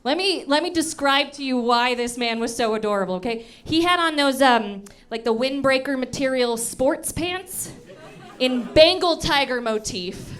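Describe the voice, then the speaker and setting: A woman's voice: high-pitched, animated, moderate pace, fairly bright tone. A woman in her thirties doing a stand-up comedy set in a comedy club, telling self-mocking stories playfully into a handheld mic. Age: 30s.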